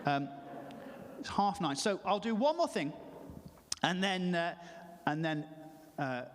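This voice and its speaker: A man's voice: high-pitched, animated, slow pace, slight background noise. A male comedian doing live stand-up and chatting and teasing the audience. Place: church hall, live show. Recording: long hall reverb.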